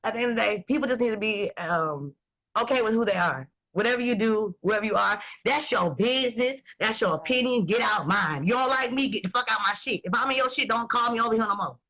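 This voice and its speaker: A woman, talking in blunt, profane and animated casual chat as host. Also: on the high side, brisk, low-quality recording. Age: 20s.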